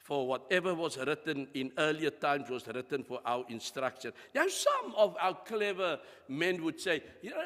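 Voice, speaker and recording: A man preaching a sermon in a church, animated and emphatic, with dramatic rises and drops in his voice. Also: a little high, moderate pace, few pauses, long reverb tail.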